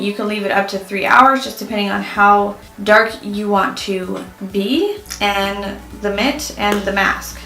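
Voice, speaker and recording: A woman's voice: medium pitch, bright, forceful tone, rough recording. A young woman chatting casually in a beauty review vlog, full of "like" fillers. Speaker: beauty vlogger.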